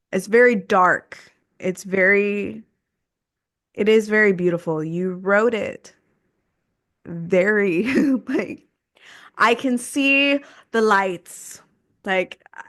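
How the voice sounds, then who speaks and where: A woman in casual podcast chat who talks softly, searching for her words with many fillers. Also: medium pitch, no room sound, studio quality.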